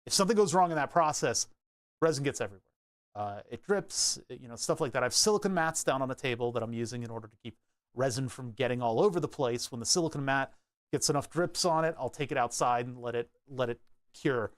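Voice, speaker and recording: A man's voice: medium pitch, fast, dry recording. A young man chatting casually while tinkering at his workbench, rambling and laughing at himself. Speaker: maker streaming his workbench. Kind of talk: casual chat.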